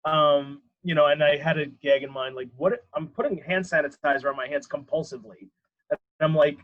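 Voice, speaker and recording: In a casual interview chat, a man with a fairly high voice meanders through stories at a moderate pace as a podcast guest. He laughs at himself a lot, and the sound quality is dull and lo-fi.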